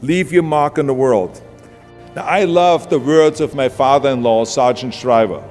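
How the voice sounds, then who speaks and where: A man's voice: medium pitch, moderate pace, darkish tone. Emphatic Austrian-accented man in a hall. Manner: emphatic, punchy, blunt. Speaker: motivational speaker. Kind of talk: motivational speech. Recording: long hall reverb with music beneath. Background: background music.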